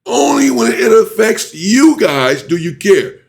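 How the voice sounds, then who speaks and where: A man's voice: sing-song, slow pace, creaky. Heated man ranting on his channel. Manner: heated, indignant, swings to high exclaims. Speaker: commentary channel host. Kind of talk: ranting reaction commentary.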